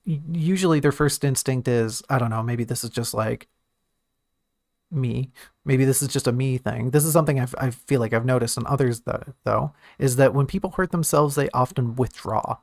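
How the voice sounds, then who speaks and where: A man's voice: medium pitch, moderate pace, creaky, darkish tone, dry recording. A man who writes and streams, talking casually and thinking aloud about a story draft, often restarting and correcting himself.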